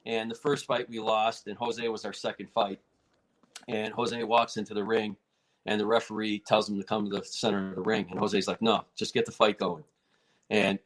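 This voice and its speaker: A man with a fairly low voice tells a story in a relaxed interview. He talks casually and animatedly, and his pitch jumps when he acts out what people said. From United States. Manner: animated, acts out quotes in a raised voice. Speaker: martial arts federation president, guest.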